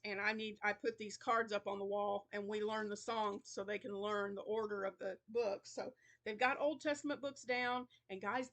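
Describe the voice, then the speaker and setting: A woman's voice: mid-range voice, fairly bright tone. A middle-aged woman hosting her crochet channel in casual, rambling chat, tired and yawning now and then. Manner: chatty, rambling, yawns and laughs between thoughts.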